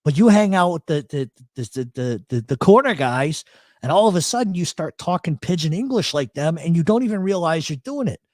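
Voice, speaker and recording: A man's voice: fairly high pitch, sing-song, a little fast, darkish tone, no room sound. A man hosting a live talk show, with a South Philadelphia accent picked up over the years, rambling and swearing through his stories. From Rhode Island. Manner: rambling, profane, storytelling. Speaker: radio show host.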